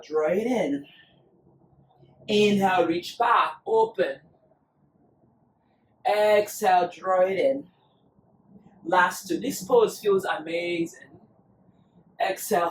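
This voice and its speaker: A yoga teacher leads a class in an unhurried, soothing way, pacing each cue to the breath. The voice sits back from the mic in a roomy space with a clear echo, and gentle music plays faintly beneath. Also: medium pitch, distant mic, slight background noise. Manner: slow, soothing cues paced to the breath. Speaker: yoga instructor. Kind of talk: guided yoga class instruction.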